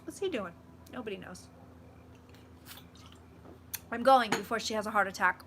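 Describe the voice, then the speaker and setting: A woman's voice: mid-range voice, normal speed, background noise. A young woman hosting a casual live vlog from home, chatty and gushing, swearing freely as she reads viewer comments. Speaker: psychic vlogger. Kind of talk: casual live-stream chat.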